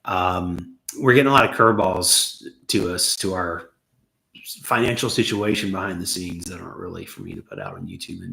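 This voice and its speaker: A man's voice: deep voice, vocal fry, a bit bright. An American man with a Southern accent under a Los Angeles one, a channel host rambling through viewer questions with joking, self-deprecating asides, his voice getting worn from talking. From United States. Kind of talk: casual livestream chat. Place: his home. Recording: echoey room.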